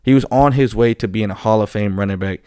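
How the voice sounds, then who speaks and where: A man rants in a casual, animated monologue, swearing freely and rambling with restarts as he goes. His voice sits somewhat low, and the sound is close and dry, with no room around it. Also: quick pace, clean tone, no room sound. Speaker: football fan commentator.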